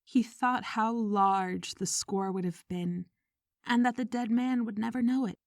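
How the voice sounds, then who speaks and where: A woman reading a short story aloud in measured audiobook narration, sometimes dropping to a whisper. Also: on the high side, no echo, clean studio sound. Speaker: audiobook reader.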